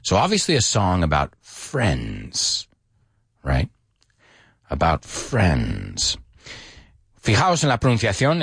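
Man, teacher, husky dry voice, very animated, playful, mixes two languages. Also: fairly low pitch, dry recording. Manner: playful, switches between English and Spanish. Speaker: English teacher. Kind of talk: bilingual language lesson.

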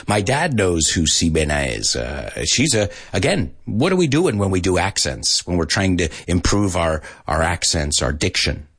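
Man, radio english-lesson host, playful and jokey, husky lowish voice, very animated delivery. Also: normal speed, hardly any pauses, no echo, clean studio sound. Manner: playful and jokey, sprinkling in Spanish phrases. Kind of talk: casual radio hosting, teaching vocabulary.

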